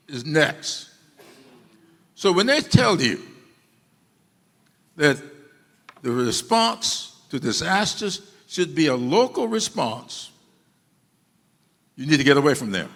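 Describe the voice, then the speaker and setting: A man's voice: fairly high pitch, sing-song, takes it slowly, creaky, pauses often, fairly bright tone. A man giving an emphatic public speech to an audience, repeating key phrases for stress. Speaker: speaker addressing an audience. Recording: long reverb of a hall.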